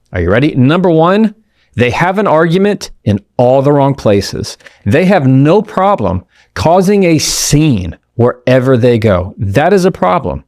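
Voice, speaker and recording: A man's voice: mid-range voice, darkish tone, no echo, clean studio sound. Emphatic man hosting a motivational podcast. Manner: emphatic, speaks straight to the listener with rhetorical questions; acts out quoted people in quick asides. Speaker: podcast host.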